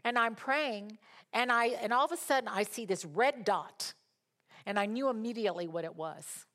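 A woman preaching a sermon, rising to loud, impassioned declarations and dropping to soft, chatty asides. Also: on the high side, moderate pace.

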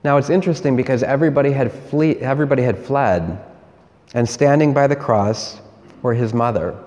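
A man, a priest, giving a sermon in a slow, measured way with repeated refrains. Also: medium pitch, a little mellow, in a large hall.

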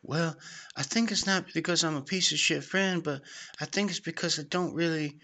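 Halting young man, higher bright voice. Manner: halting, casual, filler-heavy. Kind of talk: casual comedy banter.

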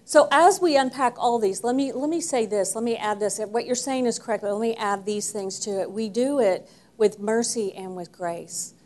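A woman's voice: a little high, moderate pace, darkish tone. A woman leading a church Bible study class, teaching emphatically and putting questions to the group.

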